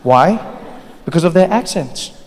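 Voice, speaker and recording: A man from South Africa doing stand-up comedy in an animated, playful way. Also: fairly high pitch, a little slow, slight background noise. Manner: animated, playful, switching voices. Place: live comedy venue. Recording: echoey hall, faint crowd ambience.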